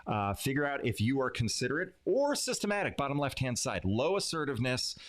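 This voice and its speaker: A man teaching communication skills in a live-streamed lesson, who varies his pauses, loudness and emphasis for effect. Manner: animated, plays with pauses, pitch and emphasis. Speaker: leadership and communication coach. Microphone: streaming setup.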